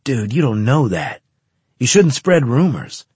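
A wisecracking, grumbling male marine, as a man puts him on in a spoken storybook, loud and full of complaint. His husky, breathy voice sits dry and close, a little above the narrator's own. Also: medium pitch, very animated, unhurried, no echo, pitched above the performer's own voice, heavily acted. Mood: joking.

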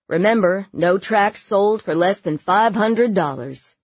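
A woman voicing a male auctioneer who loudly chants out bids. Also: medium pitch, husky, dull audio, exaggerated voice. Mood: booming. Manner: loud, rapid chanting of bids.

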